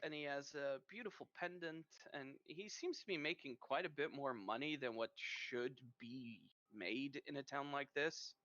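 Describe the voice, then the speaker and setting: A man with a Norwegian accent narrating a tabletop game as game master in a lively storytelling manner. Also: medium pitch, moderate pace, few pauses, no echo. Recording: muffled lo-fi mic.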